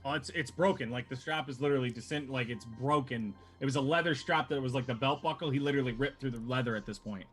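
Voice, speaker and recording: A man's voice: medium pitch, fast, hardly any pauses, a bit bright, husky, faint music behind. A man narrating a tabletop role-playing game as dungeon master, casual and laughing, with some swearing.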